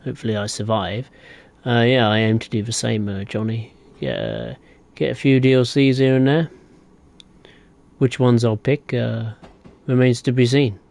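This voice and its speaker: A man's voice: mid-range voice, moderate pace, gravelly, darkish tone. A young man live-streaming a train game, chatting casually and answering viewers in a rambling way. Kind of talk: live gameplay commentary.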